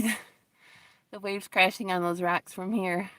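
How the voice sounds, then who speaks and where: A woman's voice: medium pitch, fairly even intonation, measured pace, long pauses. A woman vlogging on her phone from a windy lakeshore, chatty and shivering from the cold, breaking into gushing exclamations. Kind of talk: casual live-stream chat. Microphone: phone camera. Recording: loud wind noise on phone mic.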